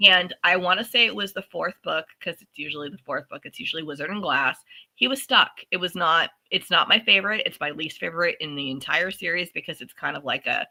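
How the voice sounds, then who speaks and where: A woman in her forties co-hosting a casual book podcast, telling stories animatedly and acting out quick asides. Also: on the low side, rough recording. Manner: animated storytelling with voiced asides. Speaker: podcast co-host. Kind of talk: casual chat.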